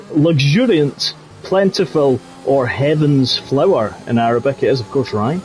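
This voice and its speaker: A man's voice: mid-range voice, measured pace, darkish tone, a little hiss or hum. A man commentating live on an online racing league, jokey and rambling, full of fillers and nicknames. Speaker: lead commentator. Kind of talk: live esports race commentary.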